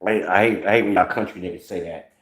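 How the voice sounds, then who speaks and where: A man's voice: sits low, quick pace, a bit bright, reverberant, low-quality recording. A man in his forties from the northern United States, hosting his own channel with blunt, profane, sarcastic social commentary. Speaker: channel host.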